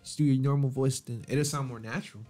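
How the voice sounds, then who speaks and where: A man's voice: medium pitch, fairly even intonation, fast, over music. A man co-hosting a game playthrough, cracking mock-serious jokes and teasing his partner in casual banter. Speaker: let's play co-host.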